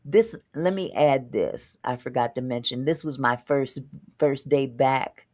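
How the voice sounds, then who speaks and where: A woman telling a story in casual chat, animated and laughing as she talks. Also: extremely low pitch, a little slow.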